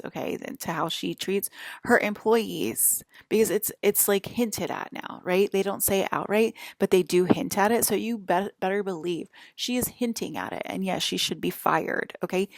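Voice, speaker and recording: A woman with a low, gravelly voice rambles on at her viewers. She gets agitated, swears freely and keeps stopping to restart her thoughts. The sound is dry and close. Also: no echo. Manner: rambling, agitated and profane, many fillers and restarts. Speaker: vlogger.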